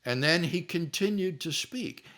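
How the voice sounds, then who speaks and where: Older man, guest philosopher, lively raised voice, acts out quotes. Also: a little high, measured pace. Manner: animated storyteller, acts out quotes. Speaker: guest philosopher answering questions. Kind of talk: relaxed question-and-answer storytelling.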